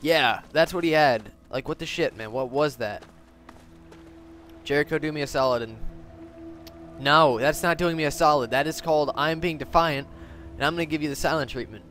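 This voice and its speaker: A young man commenting on a video game into a headset mic at home, excitable and profane, sometimes bursting into yells. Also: fairly high pitch, normal speed, a little hiss or hum. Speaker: gaming commentator. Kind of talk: let's play commentary.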